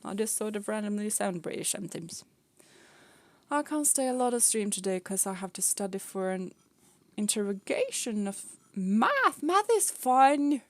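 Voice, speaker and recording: A woman's voice: medium pitch, big pitch swings, moderate pace, no echo. A young woman streaming a game, chatting casually and playfully, often laughing and scolding her pet cats. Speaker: vtuber streamer.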